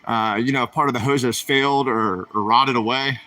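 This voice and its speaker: A man's voice: medium pitch, steady tone, a little fast, sharp tone. Chatty man shopping on a livestream. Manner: chatty, asks his viewers questions. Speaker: vlogger. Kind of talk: livestream vlog while shopping. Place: store aisles.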